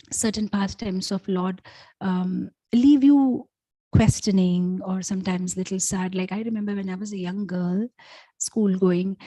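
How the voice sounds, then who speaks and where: A woman giving a devotional class, telling sacred stories in an animated, chatty way, filled with fillers and acted-out voices. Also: mid-range voice, no echo, rough recording. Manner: loose, chatty phrasing with many fillers. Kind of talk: devotional storytelling talk.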